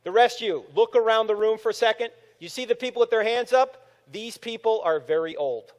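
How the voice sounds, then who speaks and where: Man, 50s, high and lively delivery, speaking to a crowd in a reverberant hall; storyteller who acts out quotes. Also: fairly quick. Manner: animated storytelling, acting out quotes. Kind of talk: apologetics talk to a live audience. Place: large room with audience.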